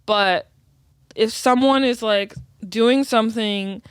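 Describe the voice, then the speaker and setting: Woman guest, smooth resonant voice, reflective and long-winded, dry close sound. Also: fairly high pitch, slow, no echo. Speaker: podcast guest. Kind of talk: casual chat.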